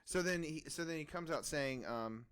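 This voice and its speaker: A man's voice: on the high side, moderate pace, fairly bright tone, clean tone. A young man co-hosting a casual podcast, chatting with a friend and reading posts aloud with mocking asides and frequent laughter. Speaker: podcast co-host.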